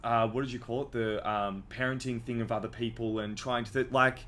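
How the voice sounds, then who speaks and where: A man's voice: medium pitch, fairly even intonation, a little fast, fairly bright tone. A young man talks on his podcast in a loose, candid way, sprinkling in swear words as he tells a personal story. His voice sits in an ordinary middle register. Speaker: podcast host. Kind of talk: casual podcast chat.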